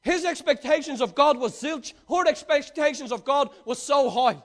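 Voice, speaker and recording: A man preaching a sermon, reading scripture aloud and then retelling it with swings between loud emphasis and quiet asides. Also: extremely high pitch, moderate pace, few pauses.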